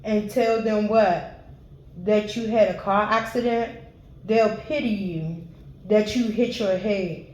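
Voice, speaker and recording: A woman's voice: mid-range voice, slow pace, darkish tone, slight background noise, lightly acted. A woman reading the lines of a jealous, violent man in a roomy echo. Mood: flat.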